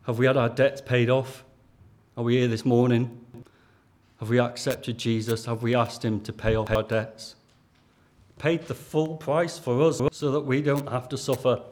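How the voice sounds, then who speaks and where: A man's voice: medium pitch, fairly even intonation, moderate pace, a little mellow. Earnest Lancashire man preaching. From Lancashire, England. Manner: earnest, conversational, asks the listeners questions. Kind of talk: sermon.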